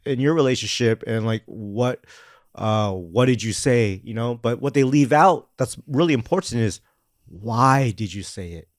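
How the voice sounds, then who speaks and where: A man co-hosting a podcast with his wife, talking in a relaxed, rambling way with false starts. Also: medium pitch, a little slow, dry recording, studio quality. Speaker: podcast co-host. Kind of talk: casual chat.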